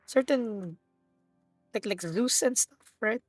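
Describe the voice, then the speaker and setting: A young woman streaming a driving game, excitable and stammering, often squealing and laughing as she drives. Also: on the high side, slow pace, dry recording, faint music behind. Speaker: automotive VTuber streamer. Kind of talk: live gaming stream commentary. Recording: car engine noise behind.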